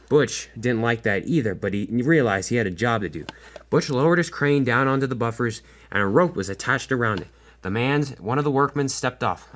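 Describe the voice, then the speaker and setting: A man's voice: mid-range voice, expressive, fairly quick. A young man narrating a homemade toy train story, often stumbling and restarting his sentences.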